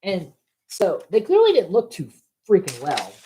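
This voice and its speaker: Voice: mid-range voice, wildly swooping pitch, unhurried, mellow, breathy edge, poor audio. A co-host of a casual movie review podcast, ranting with casual swearing.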